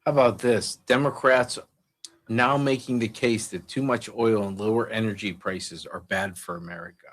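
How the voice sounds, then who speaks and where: A man co-hosting a talk radio show, bantering with wry, deadpan quips. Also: on the low side, normal speed. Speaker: radio co-host.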